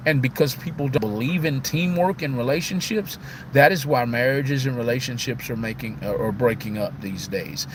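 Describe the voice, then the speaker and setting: A man's voice: medium pitch, moderate pace. Sad guy on a live stream almost crying, keeps saying man and y'all, faint traffic outside. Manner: emotional, heartbroken, repetitive with "man" and "y'all". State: on the verge of tears. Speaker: livestream host. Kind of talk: casual live-stream talk.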